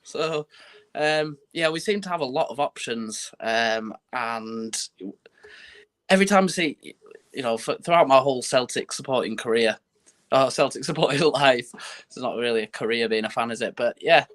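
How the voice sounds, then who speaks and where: A man's voice: mid-range voice, moderate pace, fairly bright tone. A man co-hosting a football podcast, thinking aloud in a hesitant, rambling way. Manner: hesitant, many fillers and restarts. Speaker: podcast co-host. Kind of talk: casual football podcast chat.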